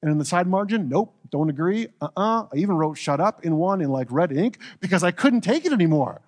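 A male pastor preaching a relaxed sermon with playful, joking asides. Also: high voice, fairly quick.

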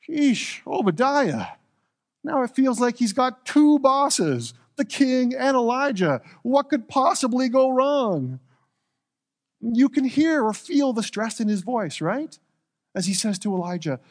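A male pastor preaching a relaxed sermon with playful, joking asides. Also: very high-pitched, moderate pace.

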